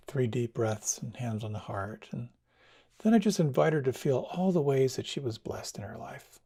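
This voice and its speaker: A man giving a dharma talk as a meditation teacher, speaking in a gentle, reflective way. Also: medium pitch, animated, normal speed, gravelly, husky. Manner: gentle, reflective, tells stories with quoted dialogue.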